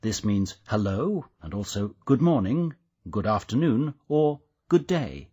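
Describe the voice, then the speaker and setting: Husky male language-course narrator. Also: lowish voice, big pitch swings, warm tone. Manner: clear, measured teacher's delivery. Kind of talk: scripted instructional narration.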